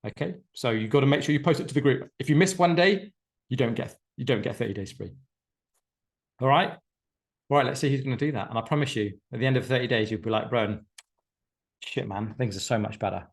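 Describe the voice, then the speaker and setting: A male coach speaking on a video call to a group of clients, his pitch sitting in an ordinary middle register. He talks in an emphatic, repetitive way and drops casual swearing as he urges them on. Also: fast talker.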